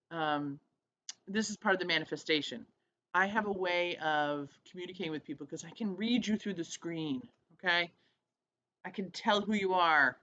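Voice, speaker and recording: Woman, vlog host, casual diary talk, bright forceful tone, acts out quotes, muffled lo-fi sound. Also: lowish voice. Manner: chatty, laughs often, acts out quotes.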